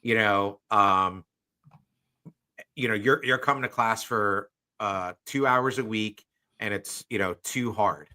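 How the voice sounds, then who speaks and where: A man's voice: on the low side, slow, pushed and bright. A man hosting a martial arts podcast, talking casually and a bit exasperated, with lots of fillers. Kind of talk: casual chat.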